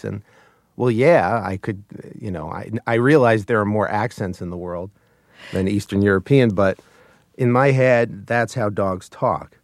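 A man being interviewed as a puppeteer, talking casually, halting and chuckling as he tells stories. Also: on the low side, no echo, studio quality. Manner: hesitant, full of restarts and chuckles. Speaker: puppeteer guest.

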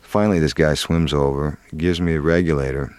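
A middle-aged man with a very low voice recounts a story in an earnest, halting way. He restarts often and leans on fillers. The sound is dry and close. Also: fairly even intonation, darkish tone, no echo. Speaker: actor guest. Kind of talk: candid interview storytelling.

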